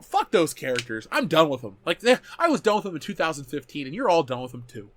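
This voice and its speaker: A man in his thirties hosting a casual chat show and reading viewer comments aloud. He talks in an animated way, swears often and corrects himself mid-sentence. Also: fairly high pitch, fast, hardly any pauses, a little hiss or hum.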